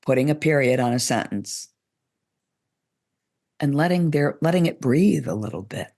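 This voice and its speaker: A public speaking coach gives careful, unhurried advice in an interview, showing pitch changes as she speaks. Her voice is expressive and slightly mellow.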